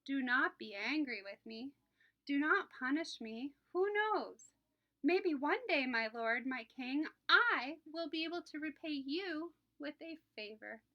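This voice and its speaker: A woman's voice: high voice, animated, slow pace, dull audio. A woman voicing a small, foolish young bee that begs a king for mercy. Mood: pleading. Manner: pleading, apologetic. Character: small young timid bee, pleading and flattering.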